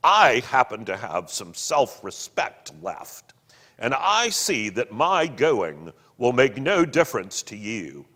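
A man voicing a self-pitying, theatrical ghost husband who declaims bitterly and loudly. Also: mid-range voice, big pitch swings, slow, exaggerated voice. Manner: declaiming, bitter, loud, drawn out. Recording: long hall reverb.

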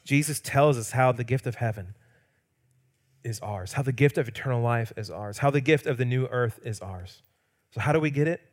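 Preaching at normal speed in a medium-pitched voice, a male pastor alternates between emphatic loud peaks and quiet, hushed lines, occasionally acting out quotations in a playful way.

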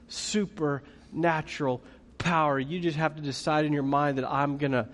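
Male pastor, high-pitched, dynamic sermon delivery, recorded with long hall reverb. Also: moderate pace. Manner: animated preaching, swings from loud to hushed.

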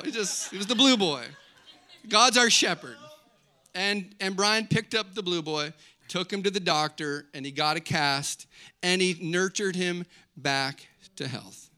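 A man delivers a church sermon in a high voice, mixing joking asides with scripture. His tone is bright and ringing, and he swings between playful storytelling and emphatic preaching. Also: measured pace, clear, resonant tone. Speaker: pastor.

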